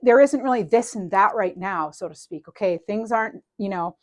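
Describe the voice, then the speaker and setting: A woman giving a casual tarot reading to her viewers, rambling and animated, with many fillers and restarts and light laughs. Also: medium pitch, normal speed. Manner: laughs lightly while talking. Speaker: tarot reader.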